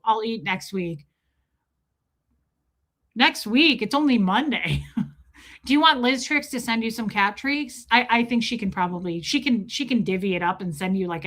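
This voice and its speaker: A woman hosting a casual livestream, reading viewer comments and telling stories with frequent laughter. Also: a little high. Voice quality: chatty, laughs often, animated storytelling. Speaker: livestream host.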